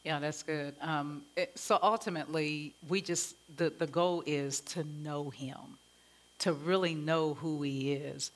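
A woman co-hosting a faith talk, slow and thoughtful with hesitant fillers. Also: low voice, steady tone.

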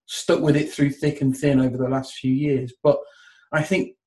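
A man's voice: mid-range voice, level tone, moderate pace, mellow, poor audio. A man discussing football on a podcast who rambles and thinks aloud, with many fillers. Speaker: football pundit.

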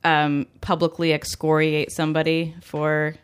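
Middle-aged woman on a podcast, smooth low-ish voice, calm and thoughtful. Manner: measured, thoughtful. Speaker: podcast co-host. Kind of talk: casual chat.

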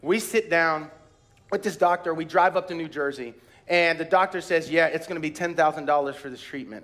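A male pastor preaching at a church retreat, telling personal stories with acted-out voices and bursts of shouted praise. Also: a little high, normal speed.

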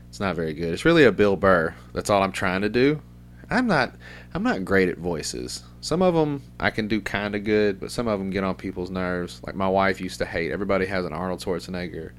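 A man's voice: low voice, lively intonation, a little fast, slight background noise. A middle-aged man hosting a podcast, rambling in a loose, profane, casual way. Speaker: podcast host.

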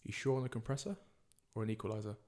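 A man's voice: fairly low pitch, steady tone, very fast, darkish tone. A man, a podcast guest, answering quiz questions in casual banter, swearing freely and correcting the questions.

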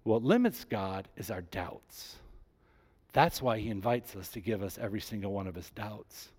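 A man preaching a sermon, rising with emphasis and dropping low and soft when he voices God's words. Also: expressive, normal speed, husky. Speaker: pastor.

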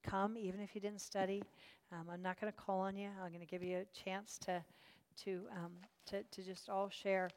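A woman's voice: mid-range voice, big-room sound. A woman teaching a Bible study class, encouraging and chatty, with many fillers and restarts.

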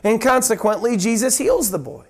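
A man's voice: lively intonation, normal speed. A man preaching a sermon and teaching from the Bible, earnest, stumbling and repeating words as he acts out the voices in the story. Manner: earnest, acts out quoted voices with sharp pitch drops and rises; repeats words, restarts phrases.

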